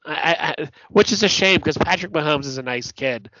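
Blunt, animated man on a dull dry mic. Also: fairly high pitch, brisk, no echo. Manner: blunt, profane, animated storytelling. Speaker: podcast co-host. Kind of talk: casual sports chat. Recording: dull lo-fi podcast audio, dry.

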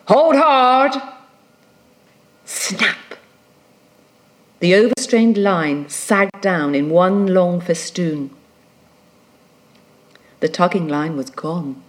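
A woman reading an audiobook as narrator in a measured, dramatic way. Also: on the low side.

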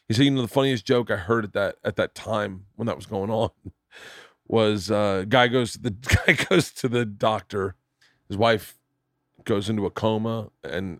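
Animated man telling jokes, dry mic. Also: fairly low pitch, creaky, dry recording. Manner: animated storyteller, doing voices in jokes, swears freely. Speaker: podcast host. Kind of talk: casual chat.

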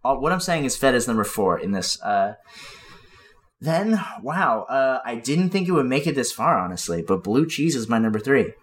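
A man who is a guest on a comedy podcast, talking casually and joking, playing a self-styled expert who hesitates, restarts and fills his pauses with ums. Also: medium pitch, very animated.

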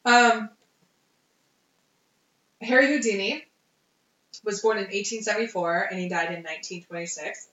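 At a normal speed and medium pitch, a woman co-hosting a podcast narrates history in relaxed, lively chat, pausing often and filling gaps with ums and uhs. The sound is lo-fi, roomy, and dull.

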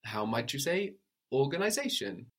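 Lively patient male language teacher. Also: mid-range voice. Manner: patient, models pronunciation slowly, animated questioning intonation. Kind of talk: audio language lesson.

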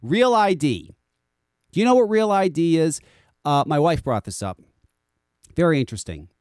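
This American podcast host from the United States rants casually, swearing often and repeating words. His voice is a little high and sing-song, with a moderate pace and a darkish tone. The studio sound is clean, with no echo.

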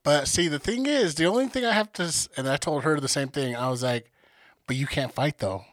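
Man, podcast host, teasing, boastful, bright, dry sound. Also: a little high, a little fast, no room sound. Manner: joking, boastful, deadpan teasing. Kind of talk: casual podcast chat.

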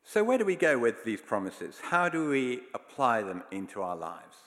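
A man's voice: mid-range voice, sing-song, normal speed, a bit bright. A man preaching a sermon, telling stories in an earnest, emphatic way. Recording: long hall reverb.

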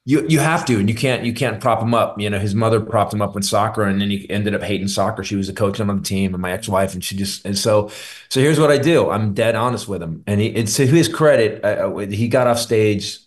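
A middle-aged man with a lowish voice talks as a comedian guest on a radio show. He tells rambling, candid stories in a loose, unguarded way. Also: brisk. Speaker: stand-up comedian.

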